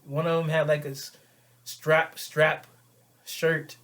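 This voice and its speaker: A young man casually telling a rambling, slang-filled story in an animated way. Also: a little high, a little slow.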